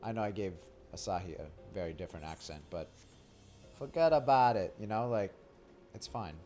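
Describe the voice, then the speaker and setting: A man's voice: on the low side, expressive, normal speed, warm tone. A young man streaming a video game, chatting casually in a rambling, joking way full of "like" and crude humor. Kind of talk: casual live-stream chat while reading game dialogue. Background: game music.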